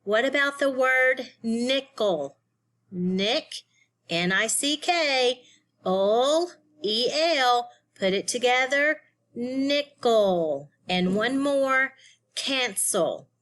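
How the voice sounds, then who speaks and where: A woman's voice: sits high, expressive, slow, fairly bright tone. A woman teaching a phonics lesson to young students, sounding out syllables and spelling words letter by letter.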